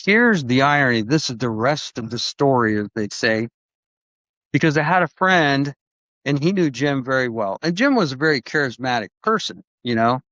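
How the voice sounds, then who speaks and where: A man speaking as a guest on a podcast, telling a story in a loose, rambling way and stopping often to restart. He acts out the people he quotes as he goes. His voice sits mid-pitch and comes through a dull, lo-fi recording with no room echo. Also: sing-song, moderate pace, a bit bright. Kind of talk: conversational storytelling.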